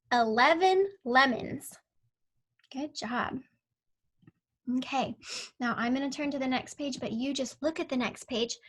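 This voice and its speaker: Slow, bright-voiced woman teaching kindergarteners. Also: high-pitched. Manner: patient, slow, sounds out words and letters. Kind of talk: online phonics lesson for young children.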